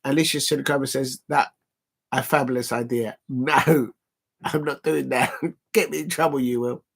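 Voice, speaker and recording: A man hosting a live football watch-along, sounding worn out as he talks. His mid-pitched voice carries a gravelly fry, and he rambles loosely, padding his sentences with fillers while reading quotes to his viewers. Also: steady tone, moderate pace. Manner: rambling, full of "uh" fillers, reads quotes aloud. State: tired. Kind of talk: casual live-stream commentary.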